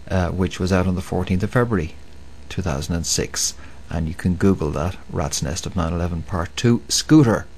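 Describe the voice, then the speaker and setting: A man with a very deep voice is talking through a long radio commentary. He stresses his points by repeating them and often pauses on fillers. He keeps the tone of an opinionated show host throughout. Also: darkish tone. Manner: emphatic, repetitive, with many fillers. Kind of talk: monologue commentary.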